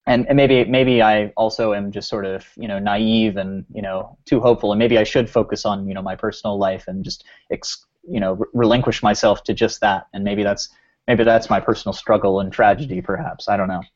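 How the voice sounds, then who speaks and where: A man's voice: lowish voice, steady tone, brisk, lo-fi sound. A man co-hosting a podcast, musing aloud in a rambling way full of restarts and fillers. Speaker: podcast co-host. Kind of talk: casual podcast discussion.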